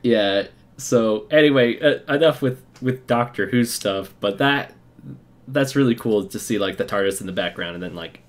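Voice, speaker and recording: A young man from Utah hosting a casual podcast, telling excited fan stories with quick asides and laughs. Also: on the low side. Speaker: podcast host. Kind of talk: casual chat.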